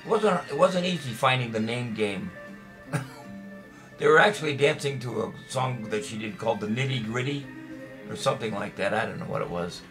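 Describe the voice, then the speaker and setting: A chatty man hosts a home trivia stream with an easygoing, middle-pitched voice. He rambles between questions with groan-worthy puns and calls out viewers' names. Clear music plays under his talk. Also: normal speed. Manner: jokey, chatty, reads out viewer names and answers. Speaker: trivia show host. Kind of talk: casual live-stream trivia hosting.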